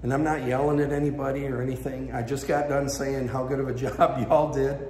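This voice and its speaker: A man's voice: mid-range voice, flat delivery, a little fast, a little mellow, roomy sound. A male pastor preaching a sermon with passionate, emphatic delivery that builds in intensity. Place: church sanctuary.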